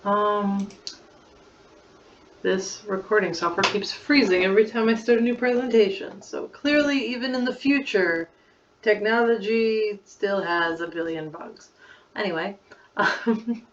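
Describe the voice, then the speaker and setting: A woman's voice: mid-range voice, measured pace, recorded from a distance. A woman around thirty giving chatty, giggly commentary over a screen recording of her old slideshows, full of "like" fillers. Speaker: creator revisiting her childhood slideshows. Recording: slightly muffled lo-fi recording.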